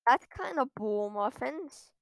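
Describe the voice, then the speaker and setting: High-voiced woman ranting over gameplay. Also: animated, slow, gravelly, no echo. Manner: exasperated ranting with frequent outbursts. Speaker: gamer streaming her own play. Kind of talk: live gameplay commentary. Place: at a computer.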